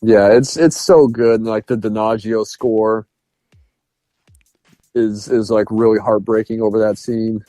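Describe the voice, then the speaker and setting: Speaking at a measured pace in a fairly low, mellow, steady voice, this male podcast co-host casually reviews a film and laughs while performing lines from it. Faint music plays behind the dry recording.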